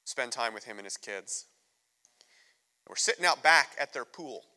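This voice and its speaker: An American man preaches an emotional, openly personal sermon as a visiting missionary. His voice is strikingly bright. It rings out with a long reverb through a church sanctuary. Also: medium pitch, expressive, a little slow. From United States. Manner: candid, emotional storytelling.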